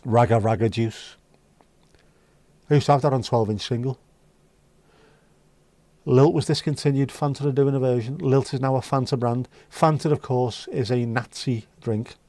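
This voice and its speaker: Man, livestream host, rambling and sweary with a wry edge, warm mellow tone, dry home recording. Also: mid-range voice, steady tone, normal speed, dry recording. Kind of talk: casual chat reading viewer comments.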